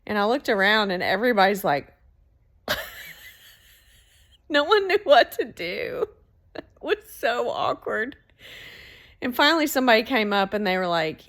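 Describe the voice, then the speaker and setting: A woman telling a story in a casual, animated way, swearing freely. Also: medium pitch, normal speed, long pauses. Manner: animated, swearing, laughs between lines.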